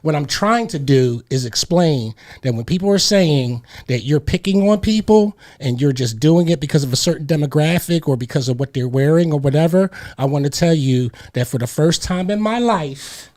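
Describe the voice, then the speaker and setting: Animated slangy male radio host. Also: on the high side, moderate pace, hardly any pauses. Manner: animated storyteller, slangy and emphatic; restarts and repeats words when heated. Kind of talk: casual radio talk.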